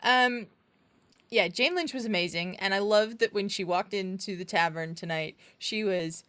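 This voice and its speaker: A woman's voice: mid-range voice, moderate pace, fairly bright tone, dry recording. A woman co-hosting a casual live review show, friendly, greeting viewers in the chat and thanking them for tuning in.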